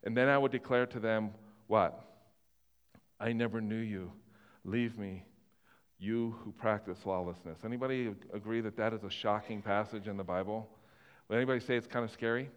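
A man's voice: fairly low pitch, moderate pace, clean tone, in a large hall, muffled recording. A man preaching a sermon as pastor, earnest and often repeating himself as he restarts his sentences.

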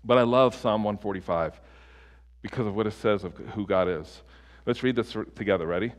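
A man's voice: lowish voice, a little fast. A man preaching a sermon as a pastor, impassioned, with many restarts and surges of intensity. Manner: impassioned, rising to near-shouting peaks, many restarts. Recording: long hall reverb.

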